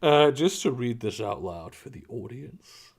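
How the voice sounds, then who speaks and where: Animated man hosting a livestream. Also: mid-range voice, a little slow, vocal fry, breathy edge. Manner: animated, laughs often, trails off and restarts. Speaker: livestream host. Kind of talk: casual group chat on a charity stream.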